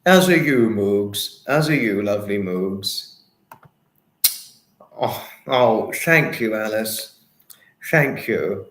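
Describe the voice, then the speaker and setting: A man's voice: fairly low pitch, animated, slow, long pauses, a bit bright, roomy sound. A man hosting a casual livestream, reading chat comments and thanking viewers in an apologetic, effusive, giggly manner. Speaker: livestream host.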